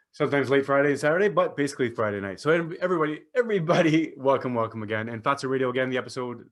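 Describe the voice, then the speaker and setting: Chatty, fast-talking man hosting. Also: medium pitch, a bit bright. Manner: upbeat, chatty, repeats greetings and phrases. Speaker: podcast host. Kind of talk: solo podcast monologue.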